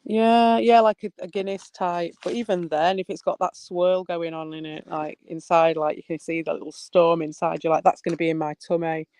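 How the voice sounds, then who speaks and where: A woman's voice: fairly low pitch, fairly even intonation, normal speed, few pauses, a little mellow. A woman in casual chat who reacts to a story with short remarks and laughter.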